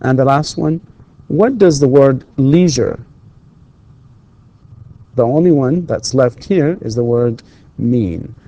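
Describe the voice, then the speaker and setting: A man's voice: medium pitch, lively intonation, slow pace, long pauses, dark tone, muffled recording. A male university English lecturer, giving a recorded lesson and patiently repeating questions for his students. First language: Arabic.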